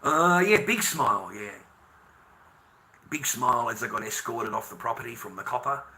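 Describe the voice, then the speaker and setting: An Australian vlogger rants to camera in a bitter monologue full of swearing, his bright, sharp voice lurching from angry outbursts to low, resentful muttering. His intonation is lively and his pace moderate, on a rough recording.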